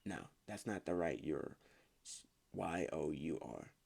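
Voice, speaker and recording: Casting note: low, gravelly male host, casual reading, trips on words and remarks on them. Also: lively intonation, unhurried, darkish tone. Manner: stumbles over words and comments on his reading. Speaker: host reading online stories aloud.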